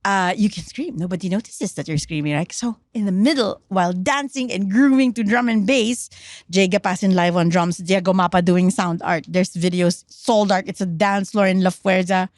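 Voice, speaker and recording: A middle-aged Filipino-accented woman in lively podcast talk, switching between English and Tagalog and jumping up high to act out shouts. Her pitch sits in a middle range. The sound is close and dry, with no room echo. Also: normal speed. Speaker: podcast guest, trauma researcher. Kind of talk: casual podcast chat.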